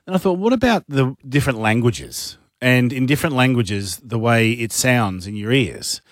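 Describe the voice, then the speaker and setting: A man's voice: medium pitch, expressive, moderate pace, no echo. A man with an Australian accent co-hosting a radio show, chatting playfully and laughing as he talks, in a studio. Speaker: radio co-host. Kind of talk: casual radio banter.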